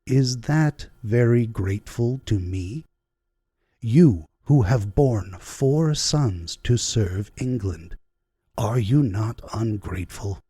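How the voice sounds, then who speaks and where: A gentle, mysterious spirit guide speaking low and calm, slow and husky, as a male audiobook reader voices him. Dry, close sound. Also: no echo, heavily acted. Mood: reproving. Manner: soft, calm, gently reproving.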